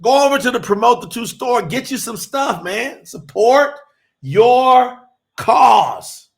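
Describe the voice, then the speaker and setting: A man preaching on a livestream, his voice high and rough with gravel, and he takes his time with the words. He builds to emphatic shouts and then eases into loose, conversational talk with his viewers, calling them y'all. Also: lively intonation, takes it slowly. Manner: fiery and emphatic, rising to shouts; addresses the audience as y'all, loose and conversational between points. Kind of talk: livestream sermon and chat with viewers.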